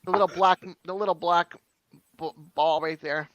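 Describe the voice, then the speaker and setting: A woman's voice: fairly low pitch, steady tone, normal speed, dry recording. A woman chatting as a guest on a live stream over a video call, rambling with lots of ums. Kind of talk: casual chat. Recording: dull lo-fi stream audio.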